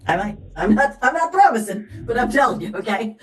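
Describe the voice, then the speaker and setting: A woman's voice: on the high side, sing-song, a little fast. A woman sales director leading a motivational team call, chatty, upbeat and encouraging as she coaches her team. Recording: roomy, echoey recording.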